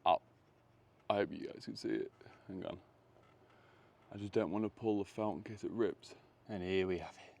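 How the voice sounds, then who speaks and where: A man with a low voice narrates his electrical job in a rambling, chatty way. He thinks aloud while he works outside on a roof and in a loft. It is recorded on a phone camera. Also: moderate pace, creaky, dark tone. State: out of breath at times. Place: outdoors on a roof and in a loft, rainy.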